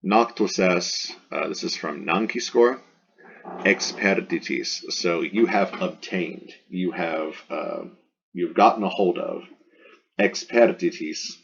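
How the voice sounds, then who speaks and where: Low gravelly man teaching Latin. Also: takes it slowly, fairly bright tone. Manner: explanatory and conversational, many fillers and restarts. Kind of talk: line-by-line classroom translation lecture. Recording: dull lo-fi audio.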